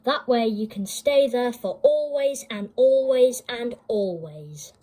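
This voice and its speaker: A woman's voice: on the high side, animated, slow pace, mellow. A woman doing a stern railway boss man.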